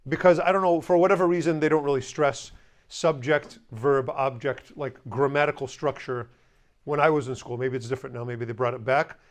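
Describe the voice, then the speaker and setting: A man's voice: mid-range voice, fairly even intonation. Man teaching a language class. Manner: explanatory, conversational, repeats Chaldean words slowly. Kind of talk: classroom lesson.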